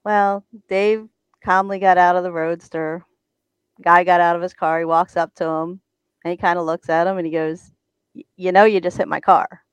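A woman's voice: on the low side, fairly even intonation, normal speed, smooth, no room sound. A woman on a talk show as a guest from a race team, telling a story and often stammering and repeating words.

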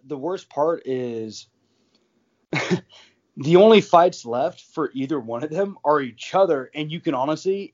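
A man co-hosting a casual sports podcast, rambling through his thoughts with lots of restarts and quick laughs. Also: on the high side, a little mellow, muffled recording. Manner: rambling, many fillers and restarts, laughs often.

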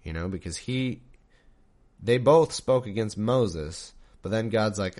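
A man's voice: on the low side, a little slow, a little mellow. A man reading scripture aloud and breaking off into wry, mock-incredulous comedic asides. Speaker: scripture reader and commentator. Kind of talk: comedic Bible reading with commentary.

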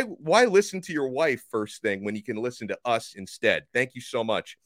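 A man hosting a solo sports podcast, talking fast and with enthusiasm. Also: medium pitch, big pitch swings, no echo, clean studio sound.

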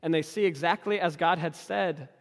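A man preaching a sermon as a story, acting out the people in it with his voice rising high and dropping low. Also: moderate pace, big-room sound.

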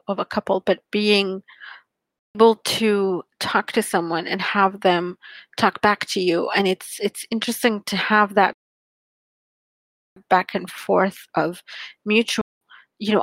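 A woman's voice: medium pitch, steady tone, a little slow, no room sound, poor audio. Thoughtful woman, dry close sound. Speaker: podcast co-host discussing books. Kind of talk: casual chat.

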